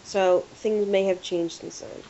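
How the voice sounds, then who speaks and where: A woman co-hosting a podcast in casual chat, an animated storyteller who acts out what people said. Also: mid-range voice, measured pace. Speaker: podcast co-host. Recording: lo-fi with faint hiss.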